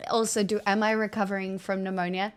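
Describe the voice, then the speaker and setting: A woman's voice: medium pitch, flat delivery, fast, clear, resonant tone. A woman chatting casually on a livestream, thanking viewers with wry asides while recovering from an illness and coughing now and then.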